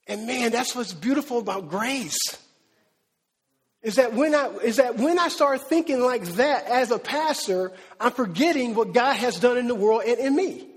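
High-voiced male pastor in a reverberant hall. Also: normal speed, slightly rough. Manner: conversational, checks in with "right?" often; animated storytelling with acted-out quotes. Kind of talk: sermon.

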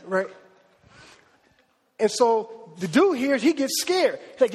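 Animated high-voiced preacher in a hall. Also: male voice, moderate pace, husky. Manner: slangy, acts out voices of people in the story. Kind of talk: lively conversational sermon. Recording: long hall reverb.

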